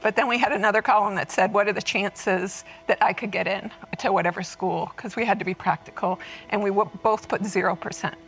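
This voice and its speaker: A woman who led admissions, telling an animated, laughing story on an auditorium panel. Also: mid-range voice, a little fast, few pauses, low-quality recording. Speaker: lecturer and former admissions head. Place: auditorium stage.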